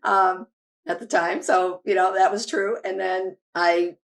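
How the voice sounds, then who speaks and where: A woman's voice: mid-range voice, steady tone, a little slow, creaky. A middle-aged woman, a medium, telling a personal story as a podcast guest in a rambling way, with restarts and fillers.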